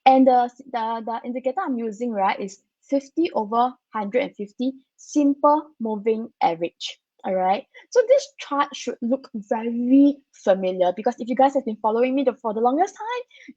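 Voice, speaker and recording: Groggy-ish lady talking stocks on a live stream, higher voice, husky, kinda muffled dry audio. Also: lively intonation, moderate pace, mellow, dry recording. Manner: chatty, tags sentences with "right?", many fillers. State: slightly groggy. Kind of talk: live-stream market commentary.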